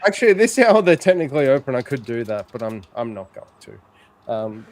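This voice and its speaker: A man's voice: medium pitch, sing-song, a little fast. A man from Australia, a guest chatting casually and rambling through side stories. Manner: rambling storyteller, many fillers and restarts. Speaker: guest streamer. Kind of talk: casual chat.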